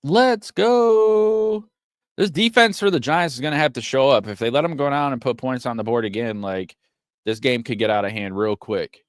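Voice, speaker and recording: A man streaming a watch party, giving casual play-by-play commentary that turns excitable and profane when frustrated. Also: mid-range voice, a little fast, no room sound, clean studio sound. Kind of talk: casual live game commentary.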